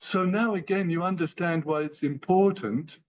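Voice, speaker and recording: A man's voice: on the high side, moderate pace. A man giving a motivational training talk to company partners, emphatic and repeating key phrases. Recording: dull lo-fi sound.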